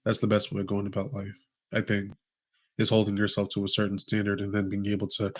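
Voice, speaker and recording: A young man vlogging, telling a casual personal story in a slangy, animated way with lots of filler words. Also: lowish voice, quick pace.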